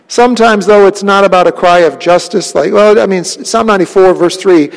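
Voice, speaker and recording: A man preaching a sermon in a church. He talks earnestly and conversationally, asks the congregation questions, and often drops to a soft, low voice. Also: normal speed, gravelly, few pauses, long reverb tail. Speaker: pastor.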